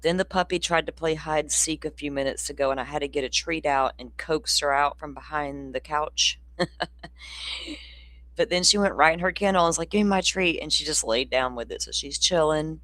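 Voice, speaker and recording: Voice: mid-range voice, fairly bright tone, dry recording. A livestream host, chatting loosely and rambling while reading out viewer comments. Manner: loose and informal, with a casual swear. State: hiccups. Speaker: true-crime livestream host. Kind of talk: casual livestream chat.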